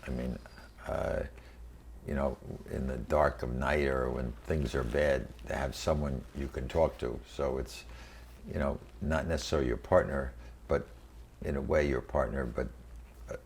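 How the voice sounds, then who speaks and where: A man in his eighties from New York City, recalling his career in a halting oral history interview full of fillers and restarts. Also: rumbling low, steady tone, creaky, a little mellow, a little hiss or hum. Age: 80s. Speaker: interviewee, venture capitalist. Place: quiet room.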